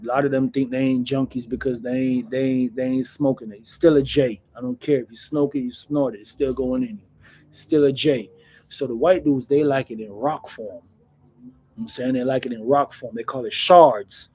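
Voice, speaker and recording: A man hosting his own channel, telling stories in a casual, animated, slangy way, calling everyone "bro". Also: mid-range voice, moderate pace, husky. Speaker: channel host recounting prison life. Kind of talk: casual storytelling to camera.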